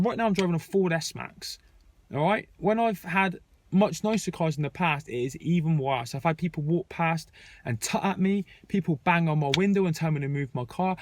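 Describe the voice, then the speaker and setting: A young man speaking with a slightly high voice, frank and conversational as he tells a story. He talks like a casual vlog rant, plain and direct. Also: slight background noise. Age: young adult. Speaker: vlogger. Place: airport terminal.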